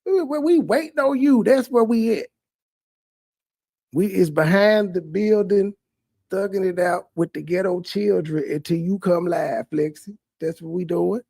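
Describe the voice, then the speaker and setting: A man's voice: high voice, a little slow, vocal fry, dark tone, no room sound, clean studio sound. A man hosting a stream reaction, giving crude, sarcastic live commentary with heavy cursing.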